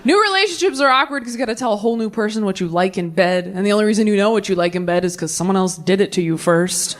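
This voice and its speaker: A woman in her thirties performing a stand-up comedy set, with fast, sarcastic delivery and big character voices. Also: mid-range voice. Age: 30s.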